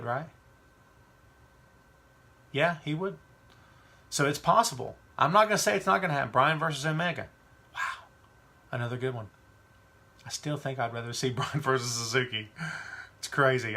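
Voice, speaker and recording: A wrestling podcast host speaks in a bright, forceful, medium-pitched voice, chatting casually and offering strong opinions. He reads viewer questions from the live chat as he goes.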